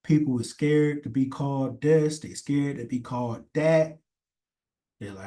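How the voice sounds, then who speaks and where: A male commentator with a mellow mid-range voice talks at a measured pace. He rants casually and ramblingly, cursing frequently and pushing his points forcefully.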